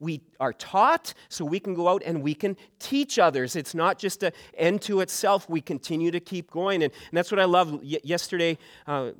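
A man's voice: on the high side, fairly bright tone. A middle-aged man from Canada preaching a sermon, earnest, often repeating words as he starts a sentence. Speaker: pastor.

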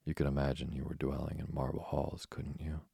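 A man's voice: a bass voice, monotone, a little fast, creaky, mellow, husky, dry recording, studio quality, heavily acted. A man voicing a chatty, imaginative orphan girl who rambles eagerly in a storybook reading.

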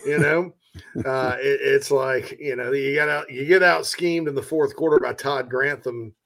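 A man's voice: mid-range voice, fairly even intonation, moderate pace, vocal fry, fairly bright tone. A man from South Carolina with an Upstate accent, hosting a casual sports talk show and reading listener comments in a chatty, self-mocking way.

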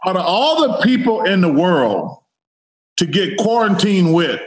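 A man's voice: high-pitched, sing-song, a little slow. A man co-hosting a chat show, asking blunt, teasing questions. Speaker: co-host. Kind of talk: casual chat. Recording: roomy echo.

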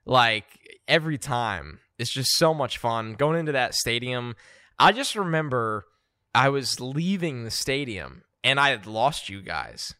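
A man from New Jersey co-hosting a podcast, telling a story with lively laughs. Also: medium pitch, measured pace, no room sound, studio quality. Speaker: podcast co-host. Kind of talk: casual chat.

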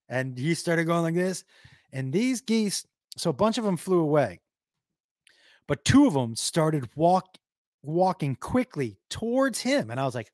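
A man's voice: a little high, moderate pace, dry recording, clean studio sound. A man streaming to his live chat, telling stories casually, swearing a lot and doing silly noises. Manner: profane, animated, does silly noises. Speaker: comedian streamer reading chat.

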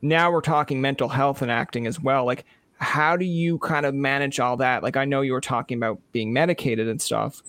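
A man's voice: medium pitch, steady tone, brisk, hardly any pauses, a bit bright, no echo. Rambling male podcast host, dry sound. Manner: rambling, heavy use of "like". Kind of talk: casual interview chat.

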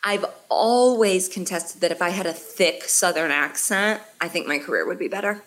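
A woman from Indiana, a comedian co-hosting a casual sports podcast, candid and animated with frequent laughter. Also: fairly low pitch, moderate pace. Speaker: comedian and co-host.

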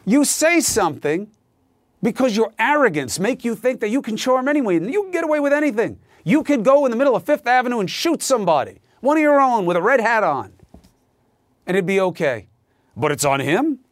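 Heated, high-voiced male news host. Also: big pitch swings, a little fast, dry recording, clean studio sound. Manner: heated, sarcastic, emphatic. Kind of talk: opinion monologue.

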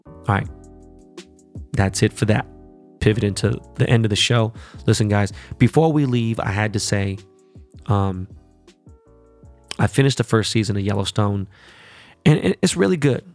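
Gravelly, profane podcast host. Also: male voice, on the low side, moderate pace, pauses often, faint music behind. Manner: profane, animated, rambling asides. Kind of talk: casual solo podcast chat.

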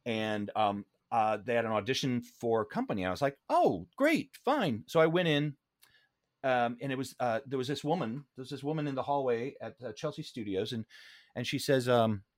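Briskly recounting stories in an interview, a male Broadway performer brings quoted lines to life with dramatic pitch jumps. He's lively and casual throughout. Dry, clean studio sound.

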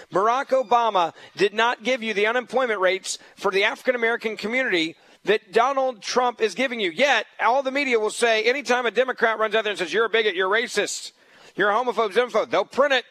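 A man's voice: very high voice, fairly quick, few pauses, pushed and bright, dry recording, low-quality recording. A man hosting a political talk radio show, delivering a combative, emphatic monologue and repeating his points. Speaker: fill-in radio talk host.

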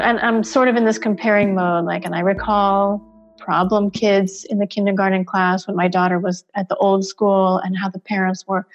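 A woman's voice: mid-range voice, lo-fi sound. A middle-aged woman, a mother of two, telling a candid personal story in rambling, hesitant bursts and acting out the dialogue she remembers. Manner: rambling, acts out quoted dialogue, hesitant restarts.

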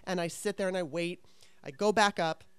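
This is candid conversational storytelling from a middle-aged woman who used to act, blunt, self-deprecating and liberal with swear words. She talks at a normal speed in a lowish voice that is slightly bright, clear and resonant, with no room sound.

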